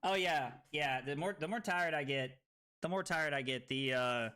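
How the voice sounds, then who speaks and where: A young woman streaming and commentating a card game tournament, animated and quick to laugh. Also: sits low.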